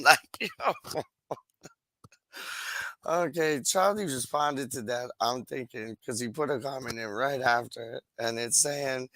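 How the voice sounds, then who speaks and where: A man hosting a casual live stream, reading comments in loose slang and repeating his catchphrases. His voice is bright and forceful, mid-pitched, and sits dry and close on the mic. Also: measured pace, no echo, rough recording. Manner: slangy, animated, laughs often, repeats phrases.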